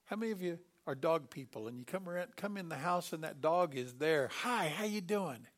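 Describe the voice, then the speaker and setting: A middle-aged man preaching a sermon, lively and animated, acting out quoted voices with sudden loud bursts. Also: fairly high pitch, a little fast. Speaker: pastor.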